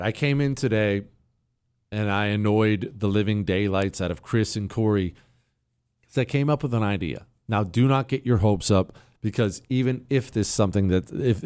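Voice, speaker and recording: A man hosting a talk show, giving sarcastic, animated commentary and bantering with his producer. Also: fairly low pitch, clear, resonant tone, no echo, studio quality. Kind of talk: opinionated radio-style commentary.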